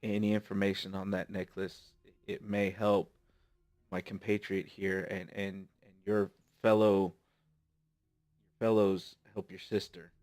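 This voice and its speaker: A man talking as a player in a tabletop game, halting and repeating words. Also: deep voice, level tone, a little mellow. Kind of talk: casual tabletop play.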